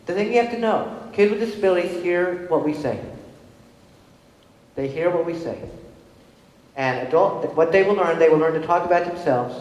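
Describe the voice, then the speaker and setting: A woman's voice: fairly low pitch, moderate pace, long pauses. Woman telling stories in an echoey hall. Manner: animated, acts out dialogue in quoted voices. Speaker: speaker on disability inclusion. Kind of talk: storytelling presentation.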